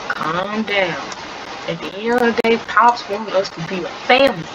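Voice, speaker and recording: A woman doing a calm, soothing young sister. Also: mid-range voice, moderate pace, natural voice. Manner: soothing, reasoning. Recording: slightly dull recording with steady background noise.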